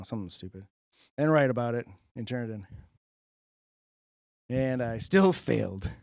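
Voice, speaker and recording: Deadpan rambling male stand-up comic. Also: medium pitch, clear, resonant tone, no echo, studio quality. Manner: deadpan, rambling, acts out characters in quick voices. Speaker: stand-up comedian. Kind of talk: stand-up comedy set.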